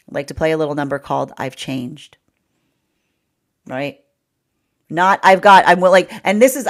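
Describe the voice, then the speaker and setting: A woman giving a rambling livestream tarot reading, often acting out imagined inner voices and breaking into laughs. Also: lowish voice. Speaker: tarot reader.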